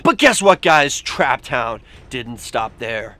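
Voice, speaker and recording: A man hosting a casual vlog, reading comments aloud with animated, sarcastic asides. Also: medium pitch, slow pace, hardly any pauses, dry recording. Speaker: YouTube host. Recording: faint music behind.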